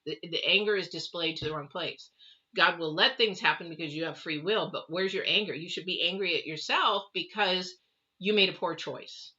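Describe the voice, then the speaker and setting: A woman's voice: on the low side, brisk, sharp tone, highs cut off. A middle-aged woman doing a live tarot reading, chatty and rambling, talking straight to her viewers. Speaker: tarot reader.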